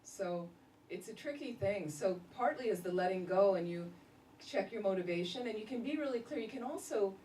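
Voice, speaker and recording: A woman, a Buddhist nun, giving a casual dharma talk full of lively stories and laughter. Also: mid-range voice, fairly quick. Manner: animated storytelling, laughing often. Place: meditation center hall. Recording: roomy echo, distant mic, faint noise.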